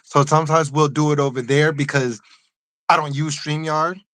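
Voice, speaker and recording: A man hosts a casual live stream in a loose, easygoing way and greets viewers by name. His voice is slightly high. The sound is dry, with no room echo. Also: steady tone, normal speed, a bit bright.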